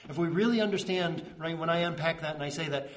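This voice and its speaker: Man, pastor, high voice, conversational sermon, earnest, soft slow pauses. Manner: earnest, checks in with "right?" and "okay?".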